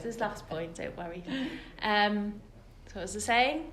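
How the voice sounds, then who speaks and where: A British woman leads a women's Torah class, telling the story in an earnest, emphatic way. Her voice sits at a middle pitch. The room around her is echoey. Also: a little slow, a crowd in the background. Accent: British English. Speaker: religious teacher. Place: room with a live group of women.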